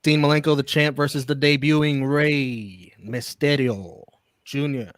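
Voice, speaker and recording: A man's voice: medium pitch, fairly even intonation, measured pace, clean tone, no echo, clean studio sound. A man co-hosting a wrestling podcast, reading out match notes and star ratings with wry asides. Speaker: podcast co-host. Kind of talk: casual wrestling match recap.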